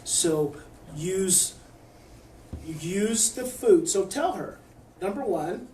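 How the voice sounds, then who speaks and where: Calm man coaching parents, echoey room. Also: high voice, drawn-out words, slight background noise. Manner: calm coaching, drops to a soft hush when modeling words to a child. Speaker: parenting expert answering a parent. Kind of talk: parent Q&A advice. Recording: echoey room, distant mic.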